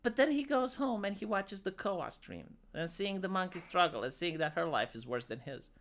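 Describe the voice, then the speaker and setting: A man's voice: high voice, expressive, normal speed, a bit bright. A man with a Romanian accent chatting on a stream, rambling and stammering through restarts. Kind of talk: casual stream banter.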